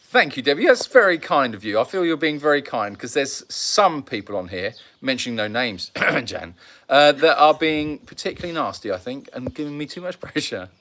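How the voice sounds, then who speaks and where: A man's voice: mid-range voice, big pitch swings, moderate pace, a bit bright. Man, live stream host, jokey, chatty, laughs a lot. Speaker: animal sanctuary host.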